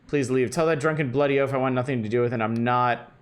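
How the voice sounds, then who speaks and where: A man's voice: medium pitch, fast, close to an everyday voice. A man doing a prim old-fashioned librarian lady. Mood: indignant. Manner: genteel, calls everyone dearie. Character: prim middle-aged woman librarian, fussy, evasive. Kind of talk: reading game dialogue aloud.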